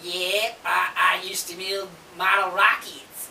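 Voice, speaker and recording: A woman's voice: on the low side, level tone, slow pace, creaky, sharp tone, heavily acted. A woman voicing a laid-back male puppet with a Texas accent who drawls hesitantly, recorded from a distance in an echoey room with faint hiss. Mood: easygoing.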